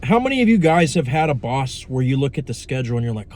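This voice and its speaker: A man's voice: medium pitch, big pitch swings, quick pace, few pauses, darkish tone, a little hiss or hum. A young man giving a casual, profane, rambling talk on manifestation, blunt and full of asides. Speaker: manifestation coach. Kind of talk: casual monologue to camera.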